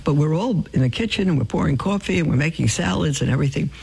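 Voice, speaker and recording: A woman telling religious stories on the radio in an animated way, acting out what people said and dropping to a whisper for emphasis. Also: sits low, quick pace, creaky, breathy edge, low-quality recording. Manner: animated storyteller who acts out quotes and drops to a whisper for emphasis. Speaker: radio guest asking for donations. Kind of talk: religious storytelling testimony.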